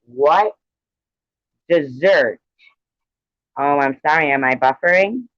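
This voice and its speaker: A man's voice: a little high, lively intonation, takes it slowly, a bit bright, no room sound. A man hosting a casual trivia livestream from home, keeping score and teasing the players in a chatty way. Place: at home with a cat. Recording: dull, dry lo-fi stream audio.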